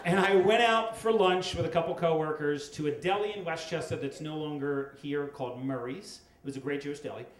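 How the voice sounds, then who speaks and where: A middle-aged man telling a comic story on stage at a storytelling event, wry and with dramatic pauses. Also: fairly high pitch. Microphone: stage microphone. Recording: echoey live room with faint noise.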